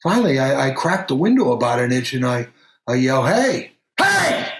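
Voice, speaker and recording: An actor playing a middle-aged country doctor who tells a strange story in an unhurried, halting way, full of pauses and fillers. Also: male voice, mid-range voice, lively intonation, echoey room, close to an everyday voice. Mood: steady recounting. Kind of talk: audio drama acting.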